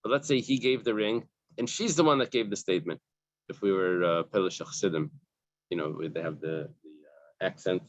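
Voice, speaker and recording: Low-voiced man patiently teaching a class. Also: moderate pace, dry recording. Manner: explains step by step, translating each phrase into plain English. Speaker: Talmud teacher. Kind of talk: casual study-group class. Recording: dull lo-fi recording.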